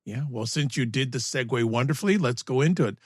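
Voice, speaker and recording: A man co-hosts a casual podcast, recorded close and dry. He speaks in a steady, affirming way and halts and restarts his words now and then. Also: mid-range voice, fast, dry recording. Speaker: podcast co-host.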